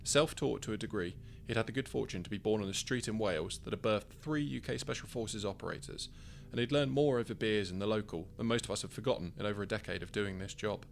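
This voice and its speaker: A man reads his own first-person story aloud in a wry, conversational manner. His voice is low and gravelly. A faint hum sits in the background. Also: fast talker, hardly any pauses. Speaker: author narrating his story.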